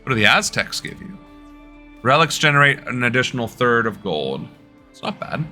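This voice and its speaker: Bright-voiced man chatting on a stream. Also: medium pitch, very animated, normal speed, faint music behind. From United States. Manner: loose, joking, talking to chat. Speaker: political streamer. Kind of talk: casual live-stream chat while gaming.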